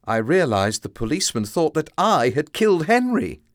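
A man reading a simplified classic story aloud as narrator, with slow, expressive storytelling. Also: on the high side, dry recording, studio quality. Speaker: storybook reader.

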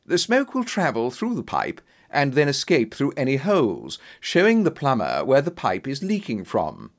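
A man narrating a story in a clear, expressive reading voice. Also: medium pitch, moderate pace.

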